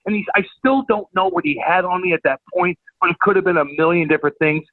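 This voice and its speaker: A man's voice: high voice, quick pace, dry recording. Man from St. Louis, ex-enforcer guest, profane stammering storyteller; phone-quality, dry audio. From St. Louis, USA. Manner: profane, rambling, stammering repeats. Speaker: podcast guest, former hockey enforcer. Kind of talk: casual chat, storytelling. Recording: tinny phone-like line, dry.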